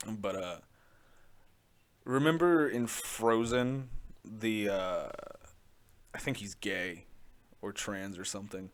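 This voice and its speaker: A man's voice: on the low side, slow pace, pauses often. A young man hosting a podcast, talking in casual chat that rambles with many fillers and frequent laughs. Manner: rambling, full of "like", laughs often. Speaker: podcast host.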